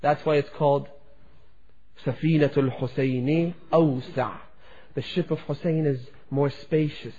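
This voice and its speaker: A male preacher telling a story in a sermon, impassioned, swelling and dropping in loudness. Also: fairly high pitch, fairly even intonation, a little slow, husky. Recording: dull lo-fi recording.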